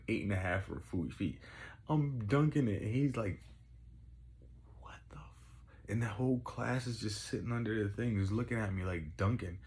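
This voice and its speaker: A young man telling rambling, profane stories in casual chat, getting excitable as he goes. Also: low voice. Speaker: podcast host. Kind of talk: casual storytelling.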